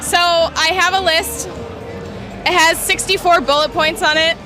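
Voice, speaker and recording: A woman's voice: very high voice, steady tone, a little slow, over music, crowd noise. A woman in her twenties, answering a street interviewer and listing her opinions matter-of-factly. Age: 20s.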